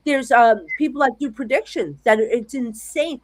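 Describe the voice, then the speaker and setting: This middle-aged American woman works as a psychic medium and is sharing stories during a relaxed video-call interview from her home office. Her pitch sits fairly high and her pace is moderate, while her delivery stays lively and meandering with frequent restarts.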